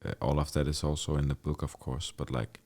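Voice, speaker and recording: A middle-aged man with a very low, deep voice talks as a podcast guest. He tells his story casually and candidly, dropping "like" constantly and swearing freely. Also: steady tone, brisk, a little mellow. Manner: loose and candid, with lots of "like" and frequent swearing.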